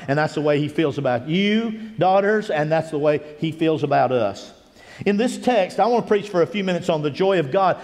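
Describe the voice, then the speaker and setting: An older man preaching a folksy sermon as a guest pastor, swinging between hushed and rising emphasis. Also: high voice, long reverb tail. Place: church sanctuary.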